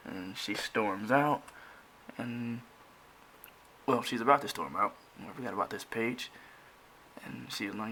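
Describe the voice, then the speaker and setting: A man's voice: lowish voice, a little slow, long pauses, bright, forceful tone, slight background noise. A man casually walking through pages of his own comic, rambling with many restarts and fillers. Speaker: comic creator.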